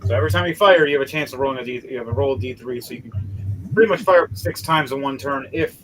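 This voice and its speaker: A man's voice: medium pitch, quick pace, low-quality recording. Casting: male game master, crude jokes, stumbles over his words, music behind. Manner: crude joking, stumbling restarts. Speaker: dungeon master. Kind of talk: narrating a tabletop game.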